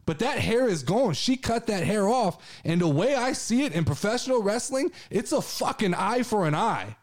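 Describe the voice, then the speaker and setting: A man with a fairly high voice hosts a casual chat show. He rants with excitement and swears freely, and his energy keeps rising. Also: normal speed. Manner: excitable, profane ranting. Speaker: podcast host.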